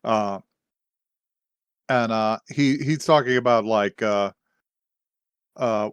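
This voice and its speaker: A man's voice: fairly low pitch, takes it slowly, clean tone, no room sound. A man co-hosting a podcast, casually recapping an anime episode, laughing often and acting out quotes with lots of fillers. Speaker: podcast co-host.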